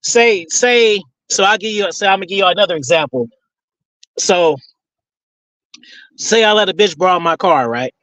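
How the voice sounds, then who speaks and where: A man's voice: sits high, moderate pace, long pauses, a bit bright, no echo, rough recording. A man hosting a casual question-and-answer session, rambling in profane street slang. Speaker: host answering audience questions. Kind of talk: casual Q and A talk.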